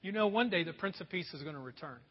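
Animated male pastor preaching in a hall. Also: sits high, fast. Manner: animated, acts out voices for laughs. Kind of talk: sermon. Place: church sanctuary. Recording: echoey hall, dull sound.

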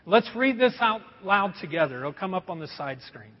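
Middle-aged preacher guy, highish husky voice, chatty sermon stories, big echoey church sound. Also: sing-song, moderate pace, hardly any pauses, highs cut off. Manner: folksy storytelling, addresses congregation as folks. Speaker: pastor. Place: church sanctuary.

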